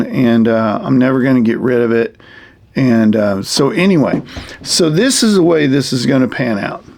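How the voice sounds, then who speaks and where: A man demonstrates a survival tool for a young audience in a loose, rambling way, circling back with plenty of fillers. His mid-pitched voice carries a gravelly texture throughout. He keeps a folksy, homespun manner as he explains. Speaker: wilderness survival teacher. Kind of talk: casual how-to demonstration for kids.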